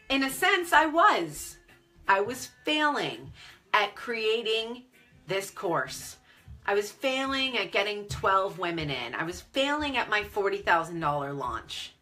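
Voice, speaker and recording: A woman coach talking candidly and emotionally to viewers on a live video stream, close to tears at times. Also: medium pitch. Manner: animated, candid. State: tearful. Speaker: online business coach. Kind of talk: Facebook Live chat.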